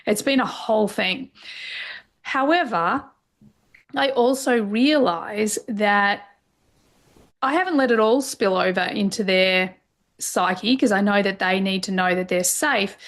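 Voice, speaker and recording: A middle-aged woman, a coach appearing as a podcast guest, talks in a medium-pitched, unhurried voice with a slight brightness. She shares personal stories openly and emotionally, her candid conversation full of fillers.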